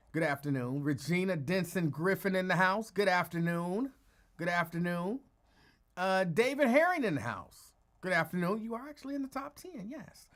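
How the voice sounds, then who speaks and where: A man's voice: high voice, pushed and bright. A man hosting a casual live call-in stream, greeting viewers by name in a rambling, self-correcting way that sometimes drops to a mutter. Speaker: host of a live call-in show.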